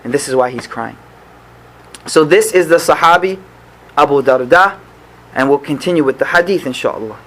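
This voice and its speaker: Male preacher with a high voice and an American accent, earnest storytelling lesson. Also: moderate pace, pauses often, a bit bright, low-quality recording. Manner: earnest storytelling, repeats phrases for emphasis. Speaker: imam. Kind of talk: sermon lesson.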